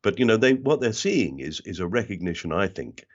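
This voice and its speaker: Here the London-accented older guest from South London talks a little fast in a lowish voice over lo-fi sound. It's relaxed interview chat, full of animated anecdotes where he takes on other people's voices.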